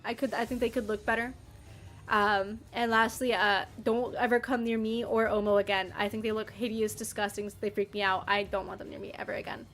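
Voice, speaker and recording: With a mid-range voice, a woman chats easily with the people watching her stream. She stays playful and animated, meeting chat comments with fake outrage and quick laughs.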